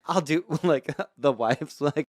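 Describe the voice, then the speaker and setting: A man's voice: fairly high pitch, slow pace, a little mellow, no echo, studio quality. A man in his thirties co-hosting a podcast, playful and teasing, laughing often. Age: 30s. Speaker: podcast co-host. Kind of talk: casual chat.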